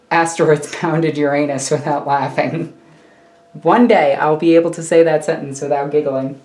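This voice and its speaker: While assembling a miniature model in her home hobby room, a woman streamer rambles casually, chatty and poking fun at herself. Her voice is low with a darkish tone, the room sounds echoey, and a computer hums faintly.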